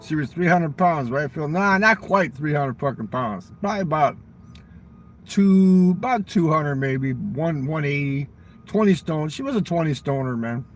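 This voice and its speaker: Casting: foul-mouthed rambling man, slightly high-pitched, casual monologue outdoors with faint traffic behind. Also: animated, moderate pace. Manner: profane, rambling storyteller. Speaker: vlogger.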